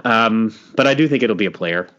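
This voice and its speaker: Deep-voiced chatty man hosting a podcast. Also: lively intonation, fairly quick, a bit bright, highs cut off. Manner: chatty, laughs often, trails off and restarts. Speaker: podcast host. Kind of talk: casual chat.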